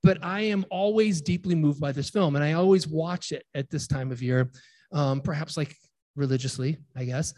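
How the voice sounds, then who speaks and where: A man in his forties, a pastor giving a relaxed, chatty sermon and joking with his congregation. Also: on the high side, moderate pace. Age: 40s. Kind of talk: informal sermon with congregation banter.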